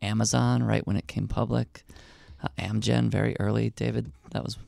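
A man's voice: fairly low pitch, little pitch movement, normal speed, creaky, mellow, no echo, studio quality. A man speaking as a podcast guest in a wry, matter-of-fact way. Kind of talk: conversational interview.

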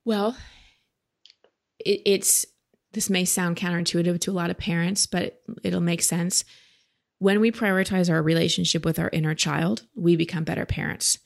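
A woman with a low, gravelly voice coaches a caller. She talks in a direct, gentle tone. She sounds like she's in her thirties. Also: steady tone, moderate pace. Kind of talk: advice podcast with a caller.

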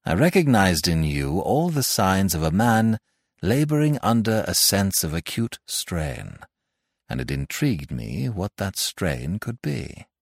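A man doing a calm, wry old doctor. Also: sits low, creaky, no room sound, clean studio sound, full character voice. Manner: soothing, unhurried, matter-of-fact.

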